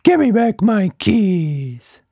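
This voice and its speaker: A man voicing a wild magical blob monster who booms like a circus ringmaster. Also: big pitch swings, takes it slowly, creaky, warm tone, slightly rough, no echo, clean studio sound, exaggerated voice. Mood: fierce. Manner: theatrical, booming ringmaster.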